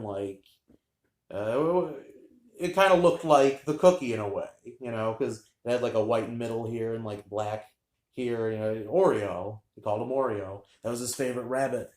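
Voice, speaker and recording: A man tells a childhood story in a loose, rambling way, full of fillers and deadpan asides. His voice sits at an ordinary middle pitch. The room around him has a noticeable echo. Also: normal speed. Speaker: vlogger telling a childhood story. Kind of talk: casual storytelling.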